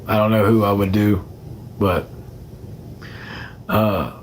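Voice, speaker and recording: A man's voice: on the low side, fairly even intonation, takes it slowly, a little hiss or hum. A young man chatting casually on a phone livestream, rambling and greeting commenters by name.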